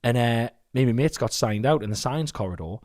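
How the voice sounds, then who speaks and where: Man, podcast co-host, swears a lot, lively up-and-down voice, casual storytelling. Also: mid-range voice, fast. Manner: swears freely, animated storytelling. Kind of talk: casual chat.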